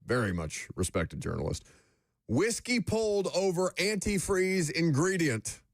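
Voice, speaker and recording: Joking young radio host, dry studio sound. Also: male voice, mid-range voice, no room sound. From United States. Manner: joking, rambling, quick asides. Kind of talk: casual sports radio chat. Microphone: studio microphone.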